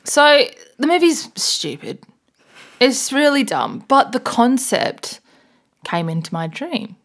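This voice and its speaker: A woman co-hosting a podcast talks slowly in a high, sing-song voice. In casual chat, she rambles through a story and laughs often.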